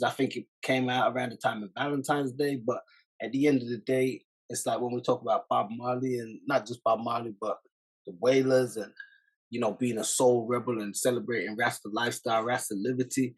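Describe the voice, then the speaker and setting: A man hosting a commentary video, speaking in a measured, reflective way with many fillers. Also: medium pitch, husky, poor audio. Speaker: channel host.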